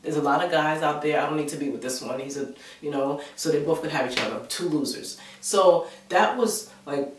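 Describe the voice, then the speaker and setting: A woman's voice: sits low, a little fast, noisy background. Chatty woman telling a story in an echoey room. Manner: animated and chatty, acts out quoted voices, fills gaps with "blah blah" and "da da da". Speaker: vlogger. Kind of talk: casual personal storytelling. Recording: echoey room, mic at a distance.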